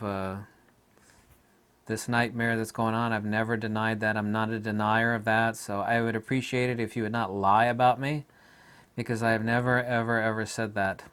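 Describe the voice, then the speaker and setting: A middle-aged American man in a casual, ranting monologue, with sudden loud outbursts. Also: lowish voice, smooth. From United States. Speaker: video commentator.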